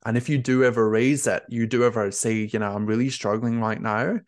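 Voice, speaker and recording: A man's voice: mid-range voice, steady tone, a little fast, no room sound, studio quality. Candid young male nurse coach. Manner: open, emotional, lots of filler "like". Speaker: nurse career coach, guest. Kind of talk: candid conversational interview.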